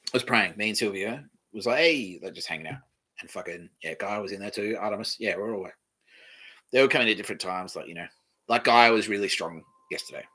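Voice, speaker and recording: Sweary Australian man, bright voice. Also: lowish voice, fast talker, slightly rough, rough recording. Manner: swears freely, loose and laughing. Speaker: podcast host. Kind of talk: rambling casual monologue.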